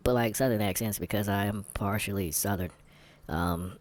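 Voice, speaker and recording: A man's voice: lowish voice, normal speed. A man vlogging candid commentary while taking a test, rambling, sarcastic and muttering asides to himself.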